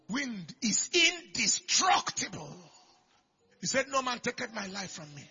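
A man preaching a sermon, moving from quiet storytelling to loud shouted declarations. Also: very high voice, sing-song, a little slow, breathy edge. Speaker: pastor. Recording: dull lo-fi recording with faint music.

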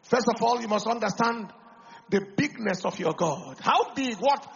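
A Nigerian man preaching a sermon as pastor, who swings from loud, fervent preaching to quiet, confiding talk and slips into Pidgin. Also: sits high, lively intonation, normal speed, creaky, dull audio.

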